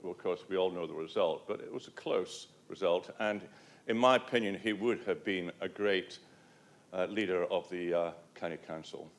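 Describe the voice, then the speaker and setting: A man giving a council meeting tribute speech, measured and full of ums and uhs. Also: low voice.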